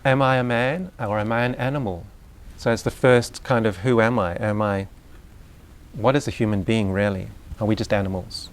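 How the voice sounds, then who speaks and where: A man's voice: lowish voice, steady tone, moderate pace. A man giving an informal talk to an audience of parents, explaining ideas through examples and asides to the listeners. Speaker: speaker on Waldorf education.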